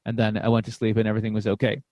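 A man, a comedian and podcast guest, telling a candid personal story in an animated way, often repeating words and restarting, with casual swearing. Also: lowish voice, racing, no room sound.

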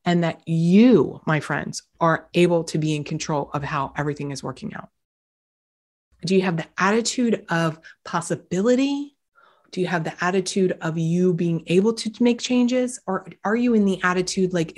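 A woman's voice: fairly low pitch, normal speed. A woman hosting a self-help podcast who coaches her listeners directly, firing questions at them, talking casually and bluntly with some mild swearing. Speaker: podcast host. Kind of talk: motivational self-help talk.

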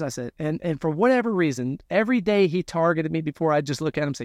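Animated man telling a prison story. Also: fairly high pitch, fast talker, few pauses, no echo, clean studio sound. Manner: animated storyteller, acts out quoted dialogue. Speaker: guest telling his story. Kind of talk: conversational storytelling.

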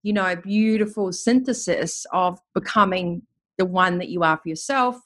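A woman hosting a spiritual conversation, speaking in an enthusiastic, flowing and expressive way. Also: fairly low pitch, moderate pace. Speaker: podcast host.

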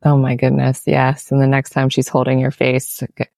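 Low-voiced enthusiastic woman host. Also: completely flat delivery, moderate pace, gravelly, dry recording. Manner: warmly enthusiastic, exclaiming agreement. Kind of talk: casual interview chat.

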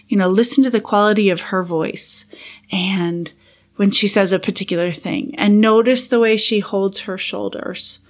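A woman with a mid-range, slightly bright voice delivers a casual solo podcast monologue for teachers. As a podcast host and teacher coach, she sounds friendly and encouraging, now and then dropping into whispered asides.

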